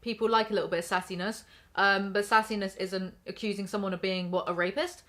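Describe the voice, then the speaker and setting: A woman's voice: medium pitch, fairly even intonation, fast, a bit bright. Young woman, commentary rant: sarcastic, blunt, swears a lot, mid-range voice. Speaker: commentary YouTuber.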